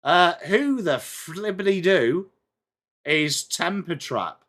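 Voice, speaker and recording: English male streamer, young, slow and chatty, bright and forceful tone, self-deprecating. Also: sits high, animated. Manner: chatty, self-mocking, reads aloud to chat. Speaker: livestream host. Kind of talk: live watchalong chat.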